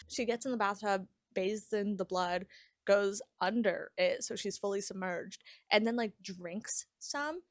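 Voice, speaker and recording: A young woman recaps a novel for her book vlog, chatty and lively, retelling scenes with heavy use of "like." Her medium pitch and unhurried delivery come through in studio quality without room sound.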